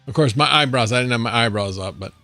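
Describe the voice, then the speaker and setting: A man's voice: mid-range voice, quick pace, bright, forceful tone, no room sound, faint music behind. Rambling man chatting on a livestream. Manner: rambling, answering chat, thinking aloud. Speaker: livestream host. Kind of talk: casual livestream chat. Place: home.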